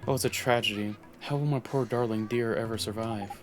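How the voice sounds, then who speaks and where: A man's voice: on the low side, fairly even intonation, a little fast, music in the background, lightly acted. A man reading the lines of a fretful, doting woman worried for her husband in a game, in a melodramatic way.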